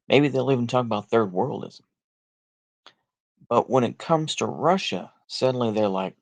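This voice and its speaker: Gravelly and mid-range, a Texan-accented man from the United States delivers casual political commentary at a moderate pace for his vlog. He rambles bluntly and sarcastically, leaning on fillers and the phrase "like I say."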